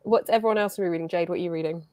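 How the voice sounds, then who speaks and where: A woman's voice: fairly low pitch, racing, dark tone, no echo. A woman hosting a casual live reading stream over a video call, laughing often between lines.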